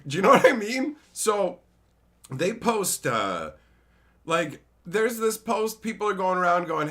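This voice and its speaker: High-pitched and unhurried, this thirty-something man keeps up a casual stream chat full of sarcasm and jokes. His manner is lively, and he keeps slipping into goofy voices.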